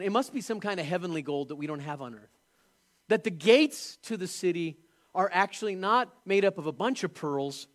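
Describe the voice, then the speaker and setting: Animated high-voiced male preacher. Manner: animated, emphatic preaching with rhetorical questions. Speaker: pastor. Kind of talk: sermon.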